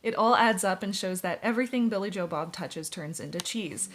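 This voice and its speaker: A woman's voice: mid-range voice, a little fast, background noise, lightly acted. A woman reading as a scheming big bad wolf. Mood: devious. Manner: sly, plotting.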